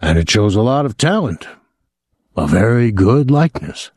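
A male narrator voicing a middle-aged immigrant father who speaks in a calm, conversational, coldly menacing way. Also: on the low side, moderate pace, dry recording, clean studio sound.

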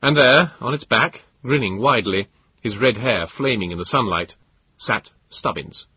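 A man narrating a story in the first person, with expressive, measured storytelling. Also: medium pitch, slightly rough, no echo, lo-fi sound. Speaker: audiobook narrator.

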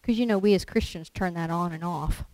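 A lay preacher with a lowish, slightly mellow voice delivers a sermon fairly quickly and conversationally, asking listeners questions and acting out little quotes. The recording is low quality, without room sound.

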